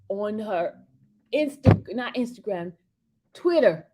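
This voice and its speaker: A woman hosting a casual livestream, chatting excitably with her viewers and repeating herself often. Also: fairly low pitch, moderate pace, long pauses, heavy background noise. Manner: addresses the audience as "y'all" often. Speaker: livestream host.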